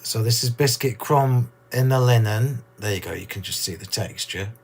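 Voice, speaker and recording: A man hosting a card-making demonstration, chatty and gushing, a little hoarse from losing his voice. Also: medium pitch, moderate pace. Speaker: crafting demo host.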